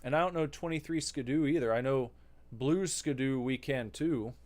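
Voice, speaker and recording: A man's voice: mid-range voice, moderate pace, a little mellow. A man casually commenting while playing a video game, rambling into wry, mock-serious rants. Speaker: gaming channel host. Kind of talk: casual let's-play commentary.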